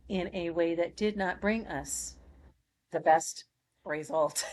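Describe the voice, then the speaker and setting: A middle-aged woman closing an oracle card reading from home, speaking in gentle, affirming, repetitive blessings. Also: sits low. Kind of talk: spiritual channel closing talk.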